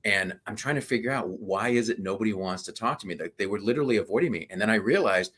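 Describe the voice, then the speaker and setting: A man in his fifties, a podcast guest telling animated stories in casual conversation. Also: lowish voice, fast talker, breathy edge.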